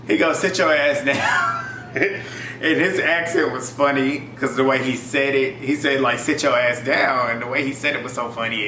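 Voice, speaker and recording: A young man talks through a reality show episode in a loose, animated way, laughing and cursing as he goes. His voice is bright and forward. The room is echoey, with a faint hum behind him. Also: medium pitch. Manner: animated, laughs often, swears freely. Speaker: YouTube reality TV reviewer. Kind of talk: casual recap commentary.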